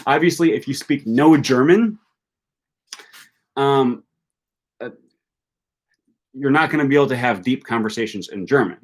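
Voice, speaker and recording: Young male language streamer, casual Q&A, mid-pitched voice, loose and filler-heavy delivery. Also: animated, unhurried, pauses often. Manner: reads viewer questions aloud and answers chattily, many fillers. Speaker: language YouTuber hosting a live stream.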